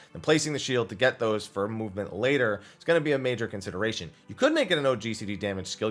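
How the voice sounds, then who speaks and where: A man hosting a weekly question-and-answer show, answering viewers with eager, wandering explanations. His mid-pitched voice swings widely up and down as he talks. Faint music plays quietly behind him. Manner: enthusiastic, explanatory, talks in long run-on thoughts. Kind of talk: casual Q&A explanation.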